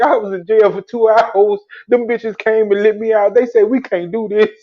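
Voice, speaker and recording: A man's voice: sits high, normal speed, hardly any pauses. Profane laughing storyteller man, lo-fi.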